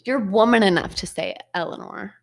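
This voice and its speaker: A woman's voice: medium pitch, a little fast. A young woman co-hosting a podcast, chatting in a playful, slangy way. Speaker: podcast co-host. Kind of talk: casual chat.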